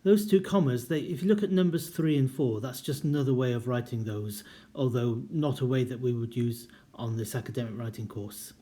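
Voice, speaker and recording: A man's voice: medium pitch, warm tone. Man giving a careful writing lecture. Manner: clear, deliberate, reads examples aloud with marked intonation. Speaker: university writing teacher. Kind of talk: recorded lecture.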